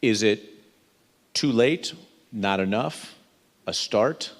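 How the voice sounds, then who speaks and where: A male interviewer on stage, asking halting questions and searching for words. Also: fairly low pitch, animated. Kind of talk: asking questions at a live book fair talk. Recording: long hall reverb.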